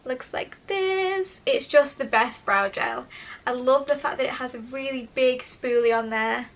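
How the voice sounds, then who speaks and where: A young woman talks straight into her camera at home, chatting casually as she tries out make-up. Her voice sits high and bright, and she turns eager and self-mocking as she goes. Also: a little slow. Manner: chatty, self-deprecating, enthusiastic. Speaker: beauty vlogger. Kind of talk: casual make-up tutorial chat. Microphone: camera mic, talking to camera.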